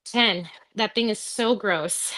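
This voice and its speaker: A woman's voice: mid-range voice, takes it slowly, pushed and bright. A woman leading a live home workout class, counting reps and cueing breaths in a chatty way, with asides to her dog. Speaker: fitness instructor.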